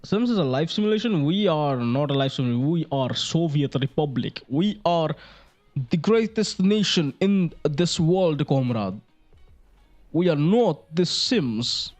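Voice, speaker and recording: A young man voicing a proud, bombastic male Soviet patriot with a put-on Russian accent, proclaiming loudly. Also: a little high, animated, measured pace, soft background music, voice pushed up. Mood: grandly proud.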